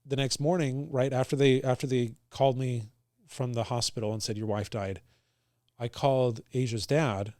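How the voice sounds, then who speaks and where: A young man speaks in an everyday middle register, his voice close and dry with no room sound. He talks earnestly and haltingly in casual conversation, often stopping to restart a sentence. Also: mid-range voice, fairly even intonation, darkish tone, no echo. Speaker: guest sharing his story.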